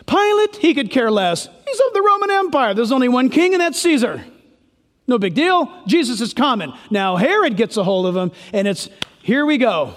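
A man's voice: very high-pitched, sing-song, moderate pace, long reverb tail. A male pastor preaching a sermon, emphatic and full of rhetorical questions.

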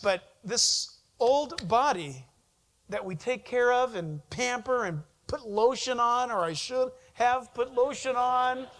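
Male pastor, high voice, animated preaching, questions and answers with the congregation. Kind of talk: sermon.

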